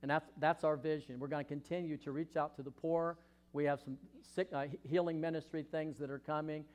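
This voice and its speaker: A man's voice: on the high side, steady tone, fairly quick. Impassioned male pastor preaching. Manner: impassioned preaching, swinging from loud questions to hushed asides. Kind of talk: sermon.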